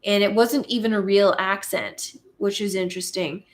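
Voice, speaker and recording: A woman from Canada hosting a casual live chat, reading viewer comments aloud and musing on them, laughing often and pausing with fillers. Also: medium pitch, fairly even intonation.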